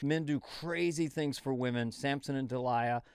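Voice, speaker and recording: A man in his sixties, a comedian guest, musing and rambling in casual podcast chat with quick jokey asides. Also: mid-range voice, darkish tone, clean tone, dry recording, studio quality.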